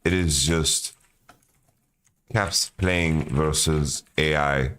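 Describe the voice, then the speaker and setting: A man's voice: a bass voice, fairly even intonation, extremely slow, fairly bright tone, clean tone. A man streaming a watch party, talking loosely and profanely, calling everyone "bro" as he reacts. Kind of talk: casual reaction commentary.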